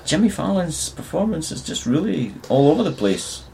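A man's voice: on the high side, normal speed, gravelly, a little hiss or hum. A man joking around as a podcast co-host in casual film chat. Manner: animated, jokey.

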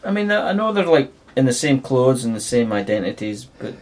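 Jokey man with a lively voice. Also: medium pitch, normal speed. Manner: jokey, goofs around with silly bits. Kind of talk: casual film chat.

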